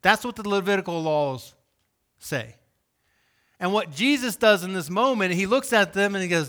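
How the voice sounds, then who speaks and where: A male pastor delivering a sermon in an animated, conversational preaching manner. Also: high voice, moderate pace.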